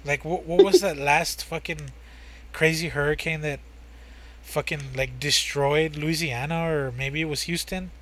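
A man's voice: on the high side, steady tone, a little slow, a bit bright. A man in casual podcast chat, talking loosely in slang and swearing constantly.

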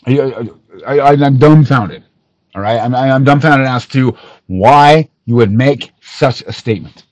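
A man's voice: measured pace, dry recording, low-quality recording. Profane, heated man ranting on a podcast. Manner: profane, heated, swings from shouting to low muttering. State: missing teeth, awaiting dental work. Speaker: podcast host. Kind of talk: angry callout rant.

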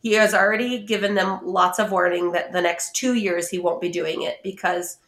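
A woman co-hosting a podcast in casual chat, an animated storyteller who laughs often. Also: on the low side, moderate pace. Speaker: podcast co-host. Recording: roomy echo.

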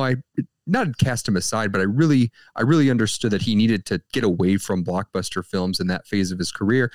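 A man's voice: lowish voice, a little mellow, dry recording, clean studio sound. A man co-hosting a movie review show, talking in casual chat with enthusiasm, restarting phrases and swooping up for emphasis.

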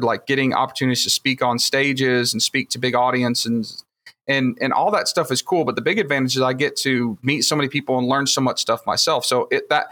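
A man's voice: mid-range voice, a bit bright. A man with a Southern Alabama accent, telling rambling, enthusiastic stories with plenty of fillers on a casual podcast. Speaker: podcast guest, future host.

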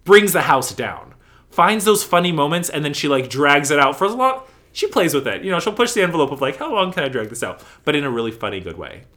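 A man talking casually in an interview about his work in theater company management, animated and gushing, acting out what people said. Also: on the high side, fast. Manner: animated, gushing storyteller who acts out quotes.

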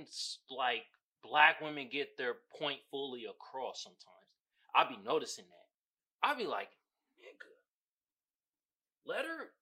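A man hosting his own podcast, giving casual, slangy solo commentary that swings from low muttering to loud exclaiming. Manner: slangy, profane, laughs at his own points. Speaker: podcast host.

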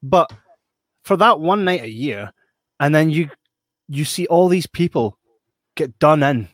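A man with a Scottish accent, co-hosting a casual chat about a film. He talks in an animated, emphatic way. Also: a little high, unhurried, dry recording, clean studio sound. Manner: animated, emphatic, acts out quoted voices. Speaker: podcast co-host.

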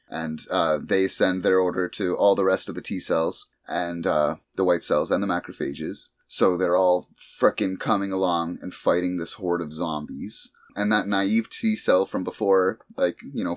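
Deep guy retelling a cartoon plot, jumps into squeaky voices, super dry mic. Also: dry recording. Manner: animated storytelling with sudden high squeaky voices for characters. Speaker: podcast co-host recapping an anime. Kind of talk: casual chat.

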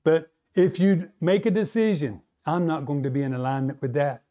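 Man, pastor preaching a sermon, fairly high voice, climbs higher and louder for emphasis, asks the crowd for replies. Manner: rising to a higher, louder pitch to stress points, slowing on key lines.

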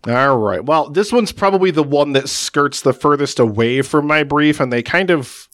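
A man's voice: on the high side, animated, normal speed, fairly bright tone, no echo, studio quality. A man speaking as a podcast guest, chatty and explanatory, often using fillers like "like" and "you know". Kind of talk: casual podcast chat.

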